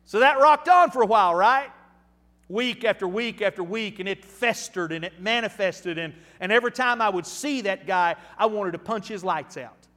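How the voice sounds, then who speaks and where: A man in his fifties preaching a storytelling sermon, folksy and animated, with frequent restarts. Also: high-pitched, normal speed, in a large hall. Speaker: pastor.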